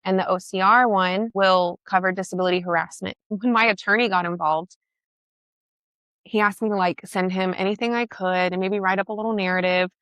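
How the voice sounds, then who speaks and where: A woman's voice: medium pitch, steady tone, fairly quick, a bit bright, clean tone, dry recording. A woman telling a personal story in a conversation, emphatic and emotional, blunt and swearing. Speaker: guest.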